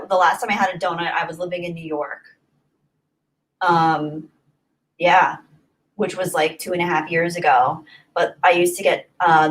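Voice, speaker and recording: On a low-quality recording, a young woman with a lowish, fairly bright voice runs a livestream. She answers viewers' comments in a loose, rambling way and tends to say things more than once.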